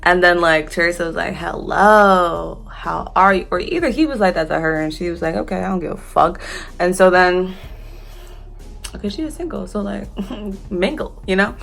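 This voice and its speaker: A woman's voice: on the low side, normal speed, creaky, a bit bright. A young American woman casually telling a storytime tale, chatty, laughing and swearing freely. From United States.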